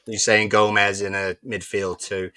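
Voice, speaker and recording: Low, crisp man, dry sound. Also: a little slow, dry recording. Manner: reading lineups, relaxed, stop-start. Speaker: podcast co-host. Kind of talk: casual fan chat.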